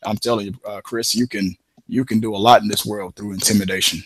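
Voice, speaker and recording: A man doing a gruff old tough guy. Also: on the low side, steady tone, fast talker, crowd noise, voice pushed down, lightly acted. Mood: intimidating.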